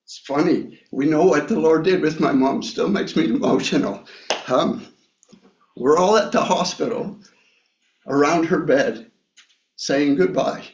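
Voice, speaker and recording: A man preaching a sermon, reading scripture and sharing a personal story in a reflective way with many pauses and fillers. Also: a little high. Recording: echoey room, slightly dull sound.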